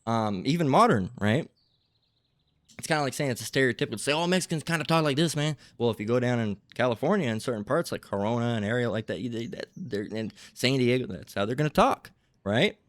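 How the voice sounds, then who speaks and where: A man's voice: mid-range voice, expressive, brisk, no room sound. A man giving a rambling religious lecture, tagging his points with "okay?" and "all right?". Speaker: religious teacher.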